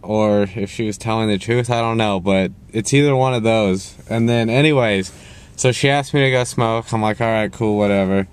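A man's voice: lowish voice, moderate pace, clean tone. A young man ranting casually to camera, rambling and cursing as he jumps around in his story. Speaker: vlogger.

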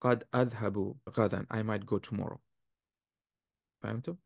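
Male teacher, gravelly and dry, explains grammar patiently and quizzes students. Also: lowish voice, steady tone, quick pace, no echo. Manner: patient, explanatory, asks the class questions. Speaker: Arabic teacher. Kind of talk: classroom lesson explaining grammar.

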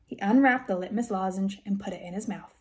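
A woman reading a children's chapter book aloud in gentle, steady first-person narration. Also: mid-range voice, a little fast. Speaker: reader.

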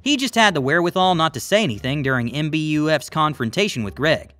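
Animated male narrator, higher voice, dry close sound, music faint underneath. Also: fast, dry recording. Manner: lively, wry storytelling. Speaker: story narrator. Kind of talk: scripted story narration.

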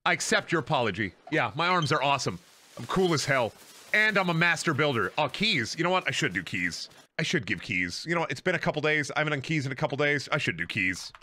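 A man's voice: on the high side, sing-song, fast, bright, forceful tone, slight background noise. A young man streaming a video game, joking, rambling and swearing freely as he plays. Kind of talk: casual game stream commentary. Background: faint game music.

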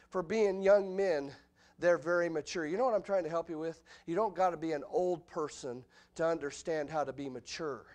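A middle-aged man preaching an expository sermon in a church, animated, with the voice leaping up when acting out quotes. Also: on the high side. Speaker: pastor. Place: church sanctuary.

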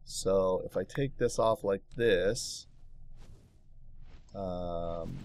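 A man's voice: low voice, very slow, darkish tone. A man hosting a let's play, talking casually to himself as he builds and getting easily aggravated, recorded in his home office. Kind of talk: casual gameplay commentary.

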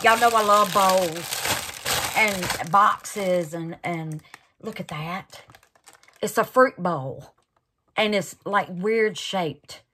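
Gushing woman crafter, slow talker. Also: fairly low pitch, bright, forceful tone, slight background noise. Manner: gushing, calls viewers honey and baby. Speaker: craft channel host. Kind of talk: casual unboxing chat.

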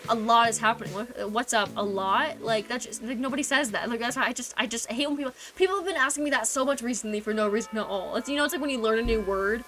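A woman's voice: a little high, fast talker, few pauses, fairly bright tone. A young woman streaming a game, chatting casually with viewers in a rambling, giggly way that keeps breaking off mid-thought. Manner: rambling, giggly, self-interrupting. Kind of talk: casual live-stream chat. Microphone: desk microphone. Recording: game music playing behind. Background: game music.

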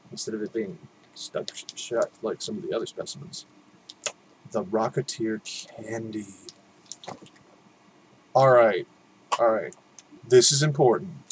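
A man's voice: mid-range voice, slight background noise, poor audio. Rambling, swearing unboxing guy. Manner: rambling, self-mocking, swears a lot. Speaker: unboxing vlogger. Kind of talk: casual unboxing commentary.

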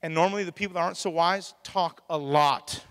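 A man, preaching a lively sermon and acting out the voices he quotes. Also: fairly high pitch, fairly quick. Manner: animated, plays out quoted voices, laughs often. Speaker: pastor. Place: church hall. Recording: long hall reverb.

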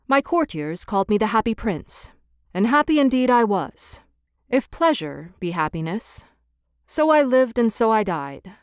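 A woman voicing a sorrowful prince turned statue, speaking in a low, musical, slow way. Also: clear, resonant tone, dry recording, clean studio sound, close to an everyday voice.

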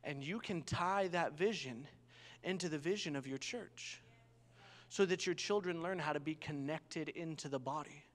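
This is a sermon from a young male pastor who speaks at a moderate pace in an animated, narrative manner and frequently asks for an amen. He has a fairly high voice for a man, and the large church hall lends it a lengthy reverb.

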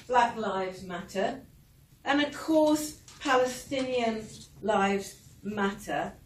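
A woman giving an earnest speech at a political meeting, building her points with wry asides. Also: fairly high pitch. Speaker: public speaker. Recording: echoey hall, mic from far off, faint noise.

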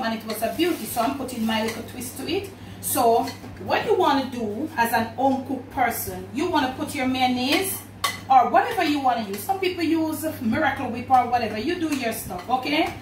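A woman with a Jamaican accent and a voice on the high side demonstrates a recipe in her home kitchen, speaking chattily to her viewers as if to family. The kitchen echoes, the mic is distant, dishes and pans clatter, and there is slight background noise.

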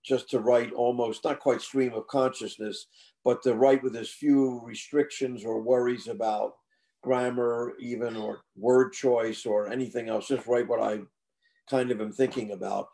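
Speaking as the author guest, this older man discusses his book in a medium-pitched, mellow voice that barely moves in pitch and runs a little slow. His answers are reflective and chatty, full of restarts and repeated words as he works out his thoughts.

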